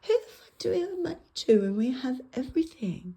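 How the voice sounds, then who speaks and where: A middle-aged Australian woman with a husky, dark-toned voice, talking her way through a stand-up set. She rambles from story to story, swears freely, and swings between loud, high outbursts and quiet muttered asides. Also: big pitch swings, a little fast. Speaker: stand-up comic.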